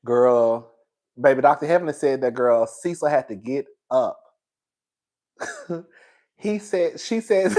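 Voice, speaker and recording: A man's voice: mid-range voice, takes it slowly, pauses often. A man hosting a casual show, gossiping and laughing as he recaps reality TV drama. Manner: animated, gossipy, laughs a lot. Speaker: host.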